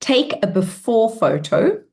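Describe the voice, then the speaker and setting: A woman's voice: on the high side, big pitch swings, slow, darkish tone. A woman hosting a live online coaching session in an upbeat, bubbly way, acting out cheerful affirmations as she talks. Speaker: workshop host.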